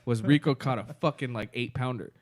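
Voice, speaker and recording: A man co-hosting a podcast, telling a long story in casual chat, laughing often and acting out loud quotes. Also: mid-range voice, brisk. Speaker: podcast co-host.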